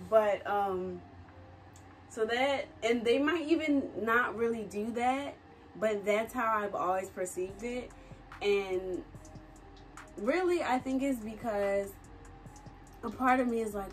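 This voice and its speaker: A woman's voice: medium pitch, a little slow, far from the mic. Woman, 20s, vlogger, chatty, slangy, laughing, faint background music. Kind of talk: casual talking-head vlog.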